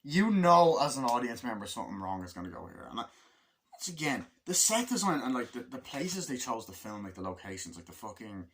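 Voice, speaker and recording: A man giving a casual, rambling movie review, acting out scenes in quick voice switches and swearing freely. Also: medium pitch, big pitch swings, a bit bright. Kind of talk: casual spoken film review.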